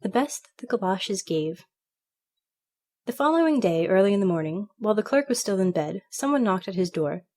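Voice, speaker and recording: Woman storyteller, measured, expressive, mid-pitched voice. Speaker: storybook reader. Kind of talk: scripted narration.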